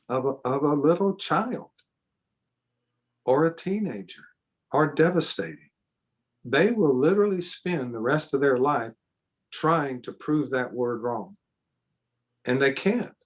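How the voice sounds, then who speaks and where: A middle-aged man teaching a church seminar in an earnest way, repeating himself for emphasis and adding spontaneous asides. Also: a little high. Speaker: preacher.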